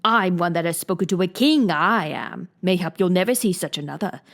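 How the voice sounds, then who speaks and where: A haughty, self-important egg man perched on a wall, read by a woman drawls every word slowly and lectures as though each remark were a grand pronouncement. his tone is lofty and prickly, like someone easily offended, and he sounds far from the mic. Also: lowish voice, animated, vocal fry. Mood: pompous.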